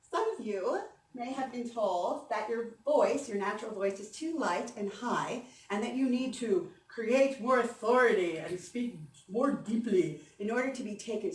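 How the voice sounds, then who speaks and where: Woman voice coach, encouraging workshop leader, higher voice, echoey hall, faint room hum. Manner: animated and encouraging, guiding the audience through exercises. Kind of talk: conference workshop talk with exercises. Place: conference hall. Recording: echoey hall, mic from a distance.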